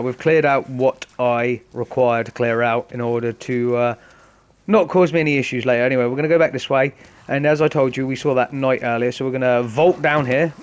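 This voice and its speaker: A man hosts a game session, talking viewers through every move in a chatty, explanatory way. His voice sits at a medium pitch, and he speaks directly to the audience. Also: clear, resonant tone. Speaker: gaming host. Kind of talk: casual let's-play commentary.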